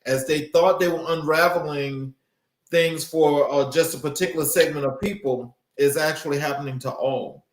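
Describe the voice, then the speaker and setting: A man hosting an interview, asking questions in a measured, formal way. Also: fairly high pitch, fairly even intonation. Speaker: interview host. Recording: echoey room.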